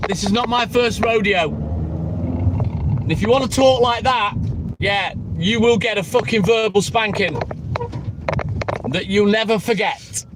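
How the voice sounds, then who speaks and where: A man's voice: sits high, a little slow, pauses often, noisy background. A man in his late thirties, live streaming, greeting viewers and bluntly swearing at a heckler. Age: 30s. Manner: blunt, heavy swearing, trash-talks viewers. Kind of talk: casual live stream chat.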